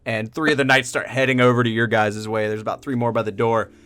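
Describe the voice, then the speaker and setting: A man's voice: mid-range voice, little pitch movement, fast, fairly bright tone, clear, resonant tone, no echo, clean studio sound. Casual man running a tabletop game. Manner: casual, loose narration. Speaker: game master.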